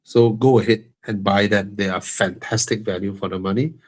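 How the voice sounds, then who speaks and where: A man's voice: on the low side, steady tone, moderate pace. A man with a Malaysian English accent hosting a live car-buying Q&A, frank and joking, with a stuffy nose that makes him breathe heavily. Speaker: host answering car-buying questions. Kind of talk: live Q&A stream.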